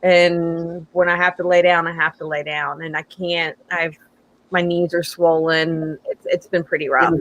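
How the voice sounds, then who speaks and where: A woman's voice: lowish voice, little pitch movement, measured pace, a bit bright. A woman chatting with friends, frank and weary, unwell. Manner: frank, weary, talks about struggling. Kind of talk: casual chat among friends.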